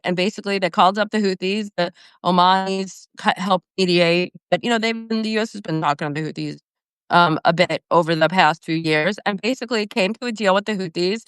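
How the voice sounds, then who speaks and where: A woman host gives casual political commentary over a video call, speaking briskly and analytically with plenty of fillers. Her voice sits a touch low and sounds smooth and clear. The sound is dry and close, with no room around it. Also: a bit bright, no room sound.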